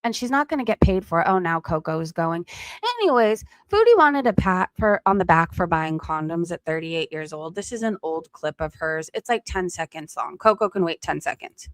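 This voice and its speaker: A woman's voice: lowish voice, animated, moderate pace, no room sound. A woman hosting a casual livestream commentary, chatty and loose, with lots of "um" and "like". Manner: chatty, with frequent fillers like "um" and "like".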